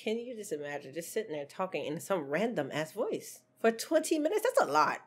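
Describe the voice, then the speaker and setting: Brief: woman YouTuber reacting to clips, husky and low, lively pitch, laughs a lot. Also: fairly quick, faint music behind. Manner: laughs often, excitable. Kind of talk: casual reaction commentary.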